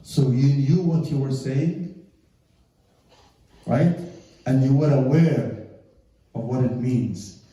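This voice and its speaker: A man's voice: mid-range voice, slow, pauses often. A man from Egypt, a native Arabic speaker, giving a religious lecture to an audience and acting out the voices of people in his stories. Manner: animated storytelling, acting out quoted voices. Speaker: Islamic lecturer. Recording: echoey hall, mic from far off.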